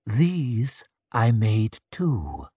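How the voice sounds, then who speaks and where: A man voicing a scarred old witch who speaks softly and slyly. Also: mid-range voice, wildly swooping pitch, extremely slow, husky, no room sound, clean studio sound, heavily acted.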